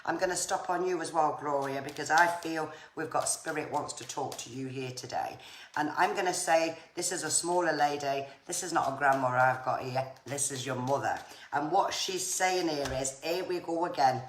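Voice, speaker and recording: A low-pitched woman relays messages from spirit to viewers of her live stream. She talks in a chatty, reassuring way and keeps using the viewers' names. Her voice sits in an echoey room with faint background noise. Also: moderate pace. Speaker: psychic medium.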